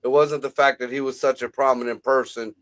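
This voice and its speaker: A man co-hosting a casual livestream chat, excitable and profane, given to conspiratorial talk. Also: medium pitch, brisk, rough recording. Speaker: podcast co-host.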